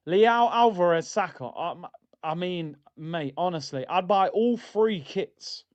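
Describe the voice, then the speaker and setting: Excitable football fan streamer. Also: male voice, high voice. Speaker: streamer hosting a football watchalong. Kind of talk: live fan chat, casual banter. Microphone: streaming mic. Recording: dull lo-fi stream audio.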